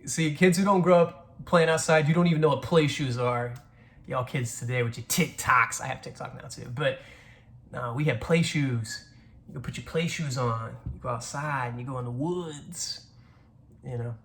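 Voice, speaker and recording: A man's voice: mid-range voice, moderate pace, fairly bright tone, a little hiss or hum. A man in his twenties from the American South, rambling through casual stories with frequent swearing and restarts. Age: 20s. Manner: rambling, profane, restarts a lot. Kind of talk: casual storytelling monologue.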